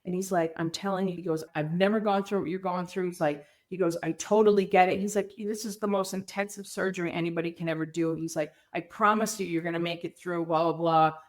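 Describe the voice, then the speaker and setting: Animated woman telling a story, lowish voice. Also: quick pace, few pauses. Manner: animated, acts out quoted dialogue. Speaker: podcast guest. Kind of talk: candid storytelling interview.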